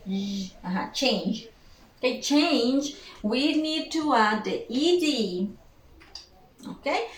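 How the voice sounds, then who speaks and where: A woman English teacher explaining pronunciation, slowly repeating each word and checking in with "okay?". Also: on the high side. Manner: repeats words slowly for drilling, frequent "okay?". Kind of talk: slow explanatory lesson. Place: room with whiteboard. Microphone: camera at a distance. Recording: echoey room, far from the mic.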